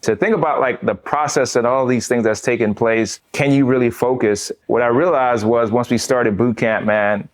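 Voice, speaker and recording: A man's voice: medium pitch, fairly even intonation, moderate pace, hardly any pauses. A man from the United States recounts his own memories in a casual, conversational interview. He tells it with animation and laughs at his own stories as he goes. He keeps dropping the word "man" between his phrases. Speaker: veteran guest.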